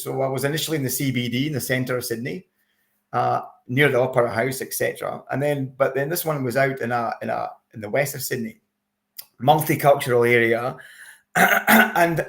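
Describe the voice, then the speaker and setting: Guy with a gravelly, slightly high voice, chatting away as an interview guest, lots of restarts. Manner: chatty, animated when recounting reactions, many restarts. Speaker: interview guest, expat campaigner. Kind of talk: casual interview chat. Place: lives in Australia.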